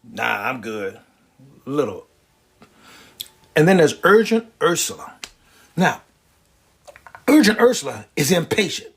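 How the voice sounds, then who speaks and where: A man delivering a wisecracking, animated stand-up comedy monologue. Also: fairly high pitch, takes it slowly, creaky, long pauses, husky. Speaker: comedian and prostate cancer survivor.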